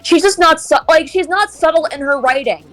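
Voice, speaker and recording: A woman's voice: high voice, a little fast, fairly bright tone, soft background music. A woman streaming a game and chatting casually, airing strong opinions in a ranting way. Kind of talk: casual chat while gaming.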